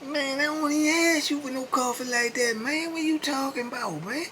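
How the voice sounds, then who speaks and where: A man's voice: normal speed, bright, forceful tone, slight background noise. A man voicing a proud, touchy male prison cellmate who can't read, whining and grumbling defensively in a raised, strained voice. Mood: indignant. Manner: defensive, grumbling, high-pitched whine.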